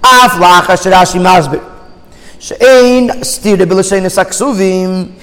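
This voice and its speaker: A man's voice: high voice, a little slow, a bit bright, in a large hall, low-quality recording. A man teaching a Torah class, reading out Hebrew phrases and explaining each one in English. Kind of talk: text study class, reading Hebrew then translating.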